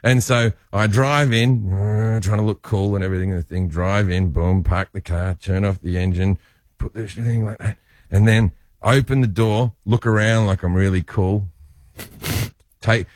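A man's voice: lowish voice, moderate pace, dry recording, clean studio sound. A middle-aged man chatting casually as a guest on a radio show. He tells stories animatedly and mocks himself, often laughing as he talks. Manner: animated, self-mocking, laughs through stories. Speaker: comedian guest. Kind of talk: casual radio chat, storytelling.

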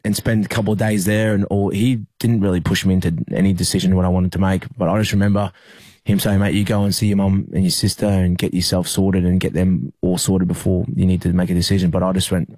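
A young Australian man, a rugby league player, recalling a hard time in an interview, halting with many fillers and restarts. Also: sits low, dark tone, no room sound, studio quality. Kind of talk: emotional interview recollection.

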